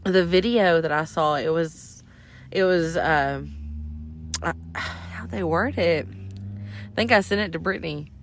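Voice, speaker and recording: A woman with a fairly low voice chats as a podcast co-host. She rambles, hesitates and fills her pauses. A faint hiss of ambience sits behind her. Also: lively intonation. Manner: rambling, hesitant, lots of fillers. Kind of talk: casual chat.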